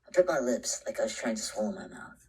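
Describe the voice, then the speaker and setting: A man's voice: on the low side, lively intonation, fast, husky, rough recording. An actor playing an anxious, introspective young man who narrates a short film in a half-whispered voice. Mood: brooding. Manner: brooding, often half-whispered, breaks into panicked shouts.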